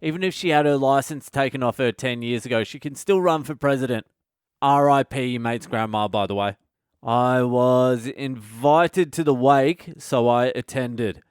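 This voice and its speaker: A man's voice: medium pitch, normal speed, clear, resonant tone, dry recording, studio quality. An Australian man, a comedian hosting his own podcast, delivering a crude, swearing comedic rant. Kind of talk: comedic monologue.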